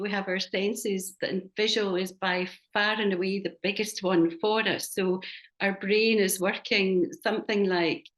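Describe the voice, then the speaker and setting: A woman facilitating a supervision workshop on a video call, calmly explaining a point. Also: medium pitch.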